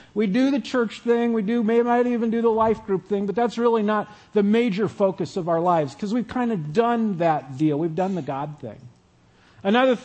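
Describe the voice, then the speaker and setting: A male pastor preaching a sermon in a relaxed, conversational way, often asking the audience questions. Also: high-pitched.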